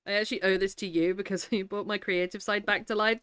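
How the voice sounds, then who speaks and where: A woman's voice: medium pitch, level tone, fast talker, fairly bright tone, clear, resonant tone, no room sound. Sniffly, teary woman streamer chatting. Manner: chatty, reads chat aloud, laughs often. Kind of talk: casual live-stream chat while gaming.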